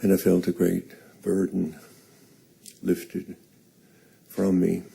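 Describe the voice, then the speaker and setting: An older man slowly telling a personal story on stage, halting and earnest. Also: sits low, monotone, vocal fry, warm tone, breathy edge.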